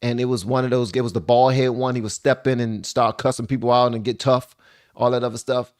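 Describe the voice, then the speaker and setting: A man hosts a reaction video in a relaxed, chatty way, his voice sitting at an ordinary middle pitch. He jokes around and throws in slang as he comments, speaking close to a desk microphone. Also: fairly quick, no echo. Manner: animated, joking, slangy. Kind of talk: casual commentary. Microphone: desk microphone on a stand.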